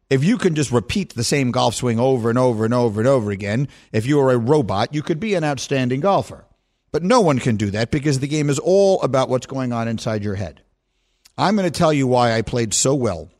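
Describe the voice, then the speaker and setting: A man's voice: medium pitch, darkish tone. A middle-aged man hosting a sports radio show, chatting in a self-deprecating, storytelling way. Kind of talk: casual radio talk.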